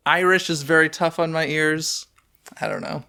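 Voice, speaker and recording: A man co-hosting a fan podcast in casual chat, animated and chatty with self-deprecating asides. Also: a little high, moderate pace, creaky, clean tone. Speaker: podcast co-host.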